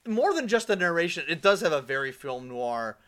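A man's voice: on the high side, very animated, a little fast, fairly bright tone. A man co-hosting a film podcast, talking casually and enthusiastically, rambling and swearing freely. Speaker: podcast co-host. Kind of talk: casual chat.

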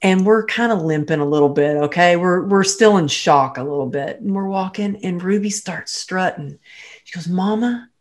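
A middle-aged woman telling a personal story in casual chat, animated and jumping up high when she quotes people or laughs. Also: moderate pace.

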